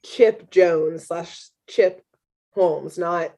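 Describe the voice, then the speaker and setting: A woman's voice: lowish voice, extremely slow, mellow. A woman co-hosting a podcast in casual chat, tossing in dry joking asides. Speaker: podcast co-host.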